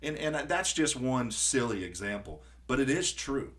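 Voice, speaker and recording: A man hosting a podcast in casual conversation, who tells stories with lively acted-out quotes and frequent restarts. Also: mid-range voice, moderate pace. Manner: animated storyteller acting out quotes. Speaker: podcast host.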